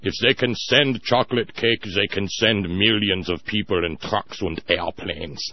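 A man's voice: fairly low pitch, a little slow, muffled recording. A man doing a grave German tank commander. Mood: grim. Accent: put-on German accent. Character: stern male German tank commander, gloomy.

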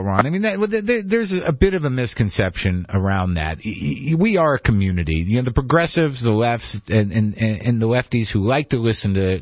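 A man's voice: mid-range voice, no room sound. A man hosting a call-in radio talk show, rambling and self-deprecating in a conversational way. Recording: dull lo-fi radio broadcast.

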